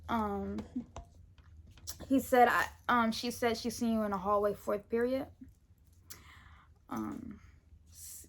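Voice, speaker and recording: A teenage girl from Florida, telling a school story in casual storytime style, animated and indignant as she acts out the dialogue. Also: fairly high pitch, takes it slowly, pauses often. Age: teens.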